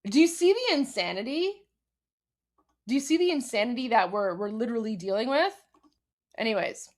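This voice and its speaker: A woman's voice: a little high, expressive, moderate pace, darkish tone. Emphatic woman hosting a live show. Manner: emphatic, repeats herself, many restarts. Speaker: host translating a video. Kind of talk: live commentary.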